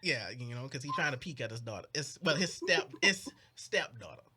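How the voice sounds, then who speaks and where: A young man co-hosting a podcast casually recaps a plot, animatedly acting out the characters' lines and often restarting. His medium-pitched voice is fairly quick, with a crowd in the background.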